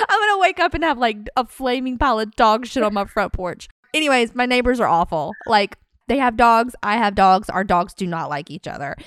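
A woman co-hosting a podcast in casual chat, candid and animated, acting out her own reactions as she tells stories. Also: a little high, smooth, no echo, studio quality. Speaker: podcast co-host. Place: podcast studio.

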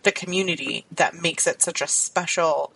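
Playful woman co-host in easy chat, a little low-pitched. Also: normal speed, gravelly, a bit bright, slightly rough, low-quality recording. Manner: upbeat, playful, chatty. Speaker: podcast co-host. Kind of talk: casual chat.

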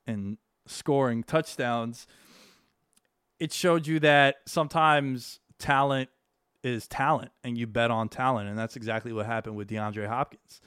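A man's voice: medium pitch, steady tone, unhurried, a bit bright, smooth, no echo, studio quality. A man hosting a solo sports podcast, talking loosely and with energy, swearing casually. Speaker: podcast host. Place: home studio, New York.

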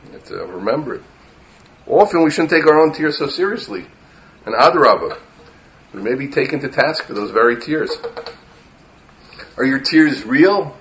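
A man's voice: medium pitch, expressive, moderate pace, long pauses, a bit bright, muffled recording, slight background noise. A man, a rabbi, giving an impassioned Torah lecture that mixes in Hebrew terms and rises to emphatic peaks.

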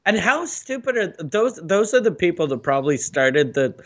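A man with a high, bright and forceful voice, trading crude jokes on a relaxed comedy podcast. He swears casually and chimes in readily. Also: lo-fi sound. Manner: profane, joking, quick agreement. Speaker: podcast co-host.

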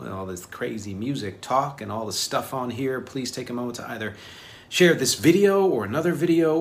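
A man's voice: lowish voice, creaky, fairly bright tone, a little hiss or hum. A man hosting his own music podcast, talking casually and rambling with lots of fillers and asides. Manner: rambling, self-deprecating, filler-heavy. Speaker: podcast host. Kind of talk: casual video podcast talk.

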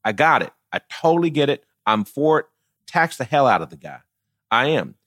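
A man's voice: mid-range voice, sing-song, normal speed, fairly bright tone, dry recording, studio quality. A middle-aged man talking politics casually, blunt and profane, often laughing as he tells stories. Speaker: political commentator.

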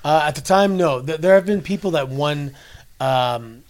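Guest interview voice: man in his forties, from Canada, a bit high-pitched, rambling anecdotes. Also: moderate pace. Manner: chatty storyteller with many restarts. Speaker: guest, former wrestler. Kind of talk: casual interview chat. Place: wrestling convention in New York.

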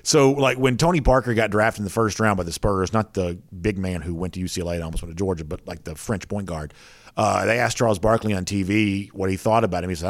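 A man's voice: low voice, fairly even intonation, fast, no echo. A man co-hosting a casual sports talk show in a wry, chatty way. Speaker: sports podcast co-host.

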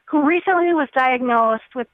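A woman's voice: high-pitched, normal speed, no room sound. A woman caller, asking a question hesitantly with many ums over a phone line. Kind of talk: phone call to a radio show.

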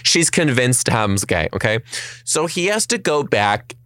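A man casually telling a story on a chat podcast, animated and fast, swearing and acting out the people in it. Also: mid-range voice, clean tone, no echo, studio quality.

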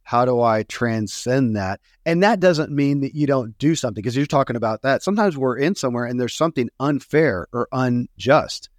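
A man talks through his thoughts in an earnest, searching way, circling back and restarting as he goes. His voice sits at an ordinary middle pitch, and the recording is dry and close with almost no room sound. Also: lively intonation, normal speed, hardly any pauses, dry recording. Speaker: podcast host. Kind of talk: reflective conversational podcast.

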